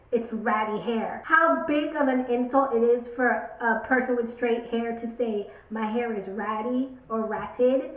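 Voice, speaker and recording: A young woman in her twenties, a beauty vlogger, speaking emphatically and opinionated to camera, repeating words for stress. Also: on the high side. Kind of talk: casual talk to camera. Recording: roomy echo.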